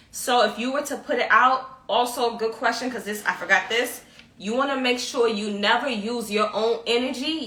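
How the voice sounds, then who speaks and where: A woman's voice: medium pitch, bright, forceful tone. A woman teaching a spiritual ritual to viewers, emphatic and repetitive, often checking in with "okay?". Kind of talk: instructional talk to viewers. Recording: echoey room, mic at a distance.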